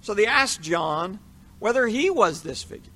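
A man giving a measured, explanatory Bible teaching, leaning into the verses he quotes. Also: sits high, sing-song, bright, forceful tone.

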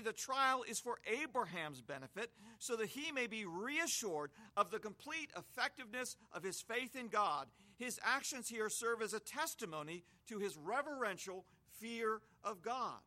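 A man with a high, very bright voice preaches a sermon. He reads scripture aloud and explains it with homely images, in a teaching manner. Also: animated, moderate pace, few pauses.

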